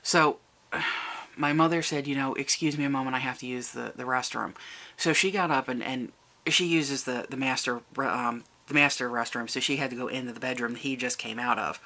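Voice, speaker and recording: A vlogger telling a personal family story to the camera, halting and restarting, and lifting the voice to act out quoted people. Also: medium pitch, steady tone, pushed and bright. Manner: recounts events, raising the voice for quoted people.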